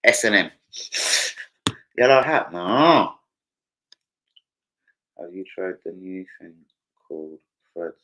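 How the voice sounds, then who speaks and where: Bright-voiced swearing livestreamer. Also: male voice, deep voice, animated, slow pace, long pauses, highs cut off. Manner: swearing, rambling, reads chat aloud. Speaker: football fan livestreamer. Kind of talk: casual live-stream chat.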